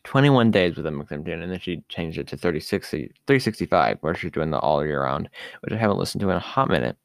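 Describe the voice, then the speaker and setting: A man's voice: low-pitched, lively intonation, fast talker, gravelly, smooth, no echo. A man hosting a podcast on his own, talking in a casual, rambling way with lots of fillers and asides. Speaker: podcast host. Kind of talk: casual solo podcast talk.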